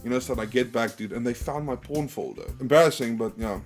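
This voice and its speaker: A man's voice: mid-range voice, fast talker, soft background music. A South African man hosting a stream, telling rambling, profanity-laced anecdotes in casual chat. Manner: swears often, rambling anecdotes. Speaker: streamer host.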